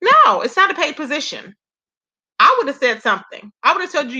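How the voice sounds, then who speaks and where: Sassy high-voiced woman recapping gossip. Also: moderate pace, lo-fi sound. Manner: sassy, animated, laughs a lot, says "okay" and "period". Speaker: YouTube commentary host.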